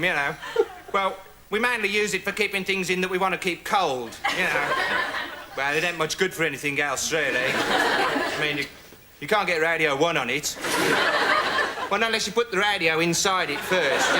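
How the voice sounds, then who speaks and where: An actor playing a dim young man who rambles through pointless stories in a deadpan comedy monologue, full of asides. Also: high voice. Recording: loud noise with laughter over it.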